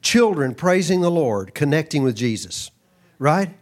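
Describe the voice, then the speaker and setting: Animated man preaching a sermon. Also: mid-range voice, moderate pace. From Texas. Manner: animated, acts out quoted voices, breaks into asides.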